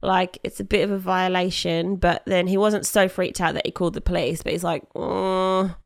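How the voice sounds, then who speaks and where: A woman co-hosting a laid-back chat podcast, chiming in with warm, teasing comments. Her mid-pitched voice has a creaky fry, and the recording is close and dry. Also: fairly even intonation, fairly quick, no room sound. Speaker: podcast co-host. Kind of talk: casual chat.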